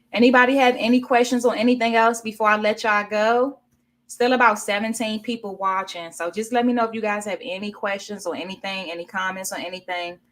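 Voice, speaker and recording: A woman's voice: mid-range voice, fairly bright tone. A woman from Washington, D.C. hosting a casual livestream, reading viewer comments aloud and chatting at length over a video call. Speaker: livestream host.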